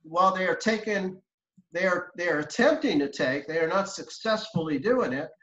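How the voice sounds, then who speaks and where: A man's voice: high-pitched, animated, normal speed, a bit bright. A male guest speaking fervently on a religious broadcast, building emphatic lists of reasons. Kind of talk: preaching commentary. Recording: echoey dull-sounding room.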